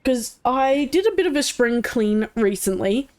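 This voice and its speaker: Giggly woman streaming slowly. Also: a little high, lively intonation, darkish tone. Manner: chatty, giggly, reads chat and rambles. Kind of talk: live game stream chat.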